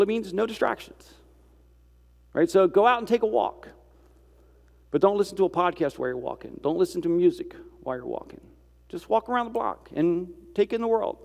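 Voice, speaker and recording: A man's voice: high voice, creaky, big-room sound. A man giving a conversational devotional talk, asking rhetorical questions and poking fun at himself. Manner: rhetorical questions and self-deprecating asides. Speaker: speaker giving a reflective Christian talk.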